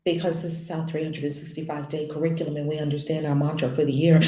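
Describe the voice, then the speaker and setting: A woman spiritual teacher leading a daily lesson, repeating affirmations with slow emphasis on each word. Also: low voice, level tone, mellow, roomy sound.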